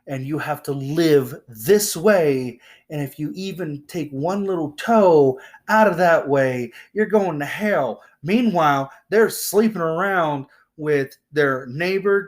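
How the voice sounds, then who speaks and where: A man's voice: fairly high pitch, takes it slowly. A young man co-hosting a podcast, chatting casually, joking and rambling with free swearing. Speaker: podcast co-host. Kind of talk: casual chat.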